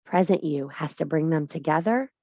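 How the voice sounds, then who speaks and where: A woman with a deep, warm voice speaks at a normal speed on a dry recording. As a spiritual teacher delivering a monologue to camera, she lectures the viewer directly in a blunt, emphatic, preachy manner and swears freely.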